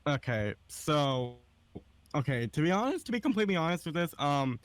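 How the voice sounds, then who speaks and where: A man's voice: a little high, big pitch swings, moderate pace, noisy background. A man in a casual podcast chat, talking hesitantly with many fillers.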